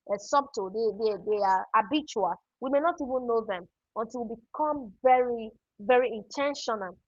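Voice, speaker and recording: A woman's voice: fairly high pitch, dry recording, lo-fi sound. A woman hosting a live online productivity class, telling stories and answering participants' chat comments by name. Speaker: webinar host and productivity coach. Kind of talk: live online teaching session.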